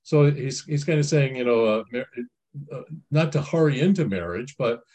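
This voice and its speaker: A man's voice: mid-range voice, normal speed, darkish tone. Rambling, folksy middle-aged man. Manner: rambling, folksy, with many restarts and asides. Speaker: speaker giving Christian family counsel. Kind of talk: informal spiritual talk, commenting on a reading.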